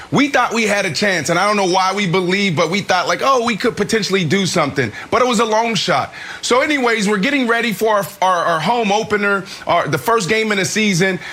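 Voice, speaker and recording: Bright, high-voiced former player telling a story. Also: male voice. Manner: animated, fast-talking storyteller. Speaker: former NFL player, analyst. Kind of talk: sports debate storytelling.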